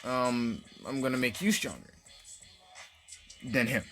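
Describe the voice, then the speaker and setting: A man voicing a cocky, menacing teenage boy ninja leader who makes calm, smug threats. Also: medium pitch, slow, faint music behind. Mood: smug threatening.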